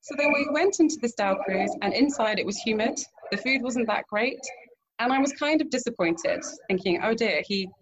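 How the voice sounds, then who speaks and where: A woman guest in an interview, telling a lively anecdote and acting out what people said, laughing often. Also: a little high, moderate pace, muffled recording, slight background noise. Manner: animated anecdote with acted-out quotes, laughs often. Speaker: guest, romance event planner. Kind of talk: storytelling in an interview.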